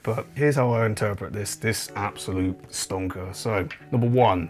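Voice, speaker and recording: A man's voice: lowish voice, moderate pace, few pauses, a little mellow, soft background music. A man hosting a comedic commentary, wry and incredulous, often breaking into chuckles. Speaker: host.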